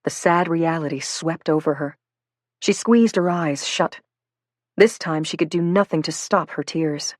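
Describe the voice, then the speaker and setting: A woman reading a novel aloud in an even, measured storytelling style, close to the mic. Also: low voice, no echo. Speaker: audiobook narrator. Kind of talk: scripted narration.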